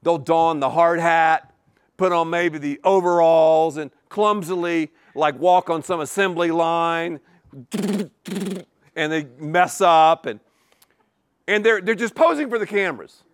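A man's voice: on the high side, unhurried, clean tone, no echo. A man preaching a sermon, repeating key words for emphasis and asking the congregation rhetorical questions. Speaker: pastor.

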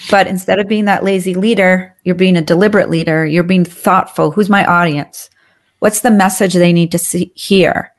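A woman's voice: lowish voice, fairly even intonation, moderate pace. A woman, a leadership trainer and coach, explaining her ideas as an interview guest in a confident, upbeat way.

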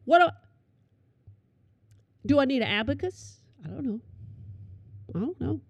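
A middle-aged woman telling comic stories to an audience, animated and calling them y'all. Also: sits high, unhurried, vocal fry, no echo. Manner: animated, addresses listeners as y'all. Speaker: storyteller.

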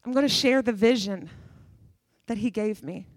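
A woman's voice: fairly high pitch, moderate pace, no room sound, clean studio sound. A middle-aged woman preaching a sermon with fervor, emphatic and repeating phrases for effect.

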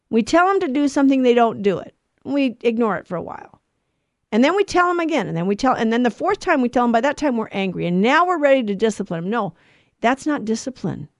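A woman's voice: high-pitched, no room sound, studio quality. A middle-aged woman giving an earnest religious teaching talk on family life, stressing points by repeating words. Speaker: Catholic speaker on family life.

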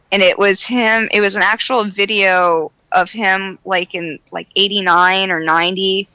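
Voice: mid-range voice, sharp tone, smooth, no echo, poor audio. A guest on a podcast chatting casually, rambling and correcting themself as they talk. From Florida. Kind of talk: casual interview chat.

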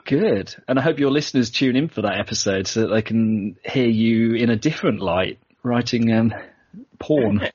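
A man's voice: medium pitch, moderate pace, a little mellow, husky, dry recording. A man with a British accent hosting a podcast, chatting casually and joking with a guest. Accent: British English. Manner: chatty and jokey, laughs often. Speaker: podcast host. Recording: dull lo-fi podcast audio.

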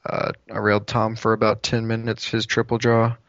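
A man's voice: on the low side, completely flat delivery, moderate pace, a bit bright, dry recording. Laid-back guy rambling with lots of ums, dry muffled podcast sound. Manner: easygoing, meandering, hesitant with ums. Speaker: podcast co-host. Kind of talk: casual chat.

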